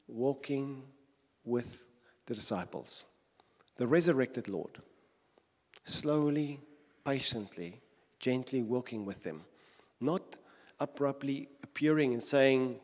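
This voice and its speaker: A man's voice: medium pitch, lively intonation, a little slow, a little mellow, long reverb tail. A man preaching a sermon in an earnest tone, repeating his phrases and building with rhetorical questions.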